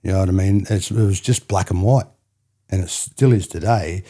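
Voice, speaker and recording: An Australian man from New South Wales tells stories as a podcast guest in a storytelling interview. His voice sits low and warm at normal speed, and he rambles, repeats himself, and keeps checking in with "you know what I mean".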